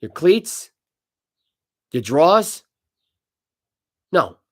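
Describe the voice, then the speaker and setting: A man co-hosting a casual sports podcast, ranting with animated energy and stumbling as he reads news aloud. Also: on the high side, drawn-out words. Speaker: podcast co-host.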